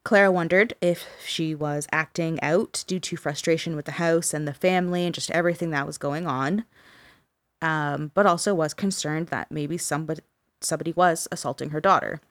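Podcast co-host, woman, lowish voice, casual storyteller, dry close sound. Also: fairly even intonation, normal speed, fairly bright tone, dry recording. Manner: casual, swears, many fillers like "like" and "um".

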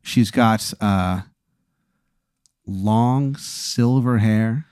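A man's voice: lowish voice, very slow, a little mellow, smooth, dry recording. Male host, rambling improv storyteller, dry recording. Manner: rambling, full of fillers and restarts. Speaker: podcast host posing a hypothetical.

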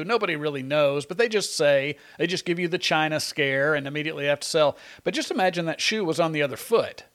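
A man with a somewhat raised pitch hosts a political talk show. He talks in an animated, sarcastic way, leaning hard on his points. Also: brisk, hardly any pauses. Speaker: radio talk show host. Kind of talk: opinionated political commentary.

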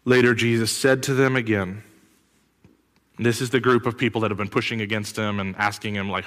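A man preaching a sermon as pastor, animated and full of rhetorical questions, with sudden loud bursts. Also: on the low side, a little fast. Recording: long hall reverb.

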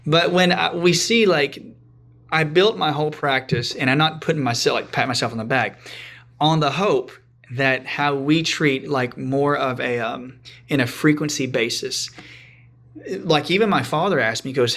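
A man's voice: medium pitch, steady tone, moderate pace, a bit bright. A man guesting on a podcast, telling a story casually and chattily, with frequent restarts and asides.

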